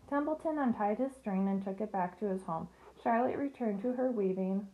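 A woman's voice: mid-range voice, normal speed, hardly any pauses, warm tone, rough recording. Woman reading a storybook aloud. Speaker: reader.

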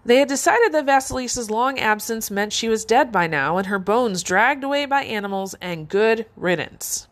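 A woman storyteller with a fairly high voice reads a folk tale aloud. Her narration is measured and expressive.

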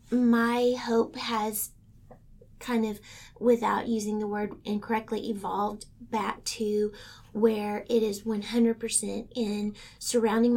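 A woman guest speaking earnestly and from the heart about her faith, sometimes dropping to a hushed tone. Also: on the high side. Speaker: guest author. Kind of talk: candid faith testimony.

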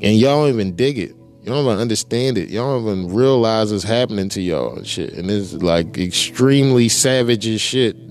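Profane, ranting podcast host, low voice. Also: male voice, a little mellow. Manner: profane, emphatic and rambling. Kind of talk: casual political rant.

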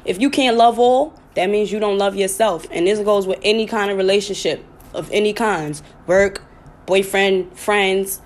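A woman's voice: medium pitch, darkish tone. A woman hosting her own podcast, talking casually and bluntly to her listeners, with plenty of swearing. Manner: blunt, profane, chatty, with sudden laughing outbursts. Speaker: podcast host. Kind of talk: casual live talk to listeners.

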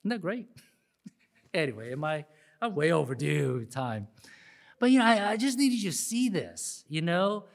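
An older man, a pastor, preaching a sermon with animated bursts, laughing asides and a soft closing prayer. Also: a little high, a little slow, gravelly. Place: church sanctuary.

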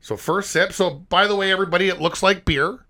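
A man co-hosting a casual beer-tasting podcast, rowdy and joking, talking fast after chugging a beer. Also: high voice. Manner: rowdy, joking, bursts into wrestler-style yelling. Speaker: podcast co-host.

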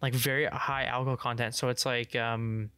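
A young man co-hosting a casual podcast, rambling with lots of "like" and restarts while explaining things he's excited about. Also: medium pitch, normal speed, smooth, no room sound. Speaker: podcast co-host. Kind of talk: casual chat.

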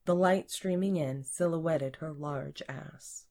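A woman with a low voice narrates an erotic audiobook at an unhurried pace. Her delivery is breathy and intimate, and it often sinks to a whisper. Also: a little mellow.

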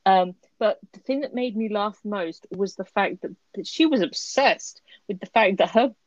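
A woman's voice: medium pitch, moderate pace, no echo. Chatty woman on a dry, dull mic. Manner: chatty, animated, laughs while talking. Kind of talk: casual chat reviewing a story. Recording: dry, slightly muffled lo-fi recording.

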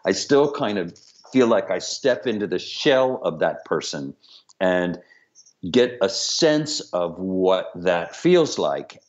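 Low-voiced man on a lo-fi call. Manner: candid, humorous, reflective. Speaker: director and choreographer guest. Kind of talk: remote interview, candid storytelling. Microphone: video call. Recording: dull lo-fi call audio.

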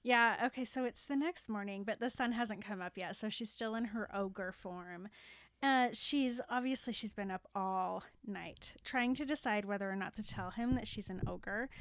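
A young woman in casual chat who laughs often and picks up the retelling in a relaxed way. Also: mid-range voice, moderate pace, no room sound. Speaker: podcast co-host.

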